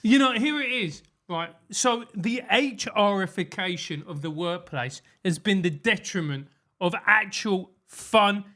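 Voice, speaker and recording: A man's voice: sits high, measured pace, pushed and bright. Rambling, giggly male podcast co-host. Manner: rambling, laughs often. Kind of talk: casual comedic chat.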